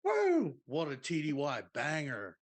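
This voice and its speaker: A man's voice: a little high, wildly swooping pitch, unhurried. A man voicing a laid-back surfer-dude serviceman, drawling and dropping "dude" and "bro" as he reads a listener's party story. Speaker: podcast co-host reading a listener submission.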